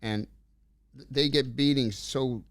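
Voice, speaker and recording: A middle-aged man telling stories in a casual interview, rambling and animated as he acts out the dialogue. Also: mid-range voice, slow, no room sound, studio quality. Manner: rambling, animated storyteller acting out quoted dialogue. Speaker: interview guest.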